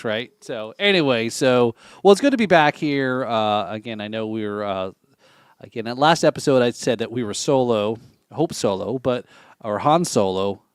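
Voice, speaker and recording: A man's voice: medium pitch, clean tone, dry recording. Male podcast co-host, mid-range voice, dry sound, pun-loving and easygoing. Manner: playful, trades puns and dad jokes. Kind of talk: casual chat.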